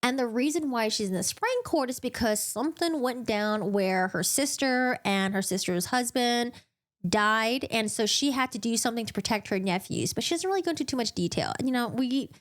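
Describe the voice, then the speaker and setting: A woman's voice: a little high, animated. Chatty young woman recapping a book. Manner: chatty, giggly, acts out characters in quick put-on voices. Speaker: book channel host.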